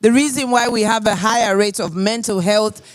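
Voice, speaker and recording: A man's voice: high voice, moderate pace. A man acting as master of ceremonies at a funeral, speaking earnestly and repeating his points.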